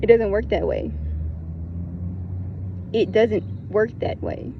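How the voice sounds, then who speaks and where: A woman's voice: mid-range voice, wildly swooping pitch, takes it slowly, gravelly, highs cut off, noisy background. A woman in a casual spiritual talk, blunt and emphatic, who swears, repeats her points and keeps breaking into laughter. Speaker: spiritual content creator.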